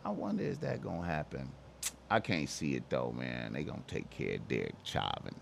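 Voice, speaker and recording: A man talking on his own in a casual, slangy monologue, swearing, repeating phrases and now and then shouting in voices he mimics. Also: extremely low pitch, big pitch swings, moderate pace, creaky, a little hiss or hum. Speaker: commentator.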